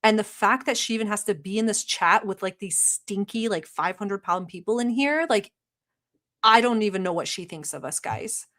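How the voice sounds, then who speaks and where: This is a satirical livestream chat where the young female host talks sarcastically and mock-earnestly, rambling with lots of fillers. Her voice is mid-range and a bit bright, at a normal pace.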